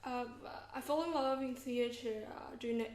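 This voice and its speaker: A young woman with a light British-Australian tinge to her accent, chatting as a podcast guest, halting with fillers and restarts. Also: a little high, a little mellow, reverberant. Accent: mixed British and Australian tinge. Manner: hesitant, many fillers and restarts. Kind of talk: casual podcast interview.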